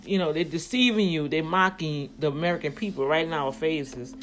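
A woman's voice: sits low, a little fast. A woman vlogger in casual commentary, rambling as she thinks things through aloud and speaking straight to her viewers, growing emphatic when riled up.

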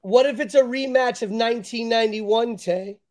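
A man's voice: very high-pitched, normal speed, darkish tone. A man co-hosting a casual sports chat, laying out playoff scenarios with a touch of suspense. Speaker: podcast co-host.

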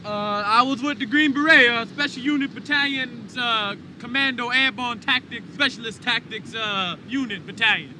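Film clip: high-pitched hustler spinning tall tales, busy street noise around him. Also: male voice, bright, forceful tone, exaggerated voice. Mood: scheming. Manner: fast, rambling, made-up boasting. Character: street con man faking a blind legless veteran.

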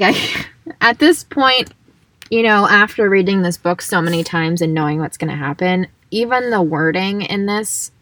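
A woman's voice: lowish voice, a bit bright, no echo. A woman co-hosting a casual book-club podcast, chatty and full of fillers. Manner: chatty, laughs easily, many likes. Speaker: podcast co-host.

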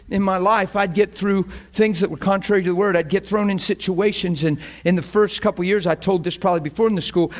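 A man delivers a sermon in a fairly high voice. He preaches with passion, rising toward near shouts, and plays out his own inner resolve in dialogue. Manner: impassioned, climbing to near shouts.

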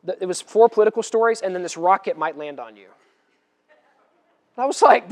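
A male pastor preaching a sermon in an animated way, moving from loud declarations to quiet asides, with touches of humor. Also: sits high, moderate pace, pauses often.

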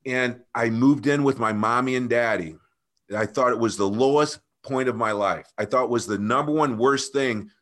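A man guest telling an emotional personal story, earnest and animated, often calling the host by name. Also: medium pitch, normal speed. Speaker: podcast guest.

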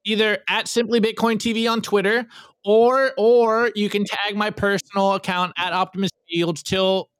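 A man hosting a podcast, reviewing memes in casual, energetic chat and often repeating words as he starts sentences. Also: high voice, moderate pace, smooth, no echo. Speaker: podcast host.

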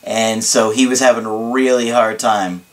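A man who coaches on dating, talking casually to the camera in an animated way, laughing often and checking in with his listeners. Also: fairly low pitch, normal speed.

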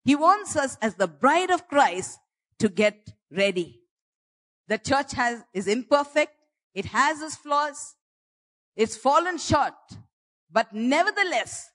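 A woman preaching a sermon, impassioned and repetitive, slowing down to stress key phrases. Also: sits high, a bit bright.

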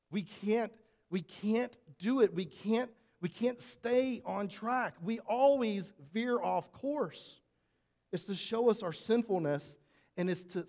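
A man's voice: sits high, darkish tone. A man preaching a conversational sermon as pastor, asking rhetorical questions and often restarting his sentences.

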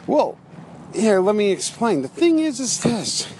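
A man's voice: high voice, sing-song, normal speed, darkish tone, a little hiss or hum. A man who is a pastor, ranting casually and rambling, slightly out of breath as he walks outdoors. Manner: rambling, loses his train of thought, laughs between phrases. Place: walking outdoors.

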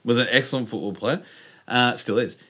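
An Australian podcast host leads a casual sports chat, telling animated stories and laughing often. His voice is mid-range and fairly quick.

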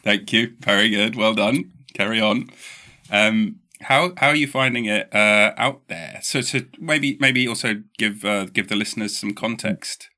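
A man's voice: on the low side, a little slow, sharp tone. A young man hosting a podcast, joking and teasing his guest in casual chat. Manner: jokey, teasing. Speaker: podcast host.

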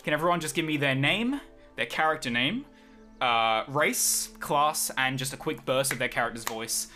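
A man running a tabletop game podcast as game master, chatty and quick to laugh. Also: medium pitch, soft background music. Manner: animated, laughs often.

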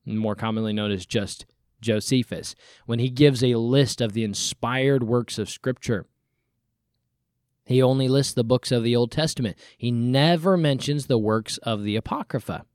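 A man preaching a sermon, asking rhetorical questions and using deliberate pauses, rising sharply on key points and dropping low to finish them. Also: a little mellow, dry recording, studio quality.

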